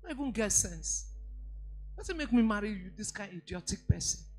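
A woman pastor with a Nigerian accent preaching on marriage, emphatic, slowly repeating key lines and telling stories. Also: mid-range voice, expressive, darkish tone, slight background noise. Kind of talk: sermon on marriage.

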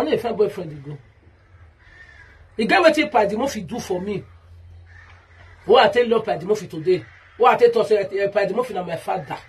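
In a vlog monologue, a woman with a Nigerian Pidgin English accent rants heatedly, repeating herself as she calls someone out by name. Her voice is medium-pitched and a little mellow, with a breathy edge.

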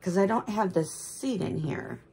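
Slow, gravelly-voiced woman chatting casually. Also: lowish voice, big pitch swings, mellow. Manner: rambling, homespun, gushes with gasps. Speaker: doll collector vlogger. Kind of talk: casual chat to camera.

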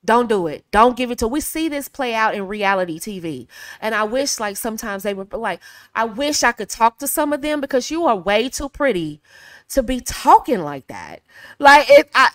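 A woman's voice: fairly high pitch, expressive, moderate pace, fairly bright tone, dry recording, clean studio sound. A woman from the American South with a Southern accent, giving casual advice in a chatty way, laughing often and acting out phrases. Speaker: video host.

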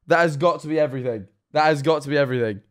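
A man's voice: a little high, racing. A young man streaming live, reacting to viewer clips with rambling, incredulous commentary and frequent swearing.

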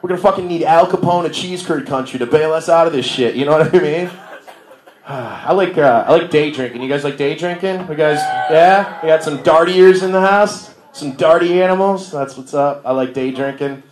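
A man's voice: on the high side, moderate pace, a little hiss or hum. A young man from Milwaukee performing a stand-up set, loose and slangy, laughing at his own jokes. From Milwaukee, Wisconsin. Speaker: stand-up comedian. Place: bar comedy stage. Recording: echoey bar room.

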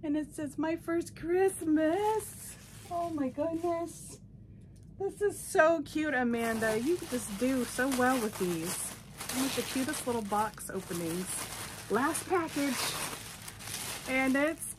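A woman's voice: high-pitched, animated, unhurried, slight background noise. A woman vlogger chatting casually through a box opening, gushing and sentimental. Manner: gushing, sentimental, easily moved. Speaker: doll collector vlogger.

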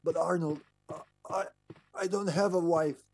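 A man's voice: a little high, steady tone, measured pace, no echo, soft background music. A man streaming a video game live, chatting casually, giggling often and talking to the game and his cat. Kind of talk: casual gaming commentary.

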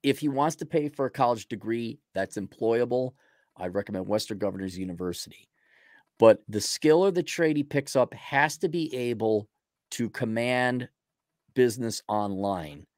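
A man with a mid-range voice co-hosts a livestream at a moderate pace, joking around in a playful, casual way. He often trails off as he thinks out loud. The sound is studio-clean with no echo.

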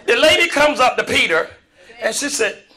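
Very high-pitched but at normal speed, a man delivers a spirited sermon. He retells scripture with call and response, moving between shouts and soft, hushed storytelling.

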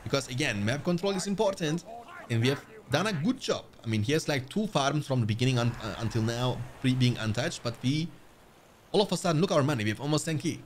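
A man giving live commentary on his own strategy game as a streamer, addressing viewers as "boys" and swinging from muttering to yelling at the screen. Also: medium pitch, animated, fast, slight background noise. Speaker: gaming streamer.

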